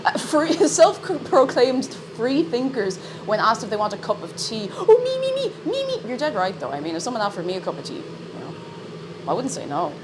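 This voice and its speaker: A woman's voice: mid-range voice, expressive, normal speed, background noise. Bubbly woman chatting on stream. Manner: bubbly, chatty, greets chat by name. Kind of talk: casual live-stream chat.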